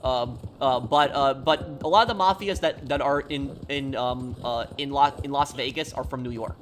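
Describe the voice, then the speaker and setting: A man's voice: medium pitch, a little hiss or hum. Hesitant man chatting on a game stream. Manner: hesitant, halting, full of restarts. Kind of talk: casual live-stream chat.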